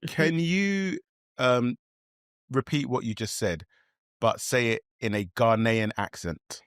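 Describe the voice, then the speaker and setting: A young man, co-hosting a casual podcast, relaxed and joking. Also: medium pitch, takes it slowly, smooth, no room sound, clean studio sound. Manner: relaxed, joking, speaks to the phone assistant politely. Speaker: podcast co-host.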